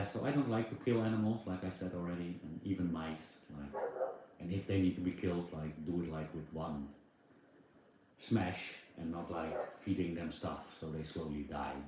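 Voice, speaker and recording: A man's voice: sits low, fairly even intonation, moderate pace, mellow. A man hosting a casual livestream, chatting loosely with many fillers and answering viewer comments into a phone microphone. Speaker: livestream host. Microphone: phone with attached microphone. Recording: very echoey room, faint background noise.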